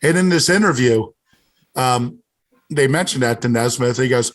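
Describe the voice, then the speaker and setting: A man's voice: medium pitch, normal speed. A man who is a guest on a casual podcast, telling a long story and repeating "he goes" as he talks.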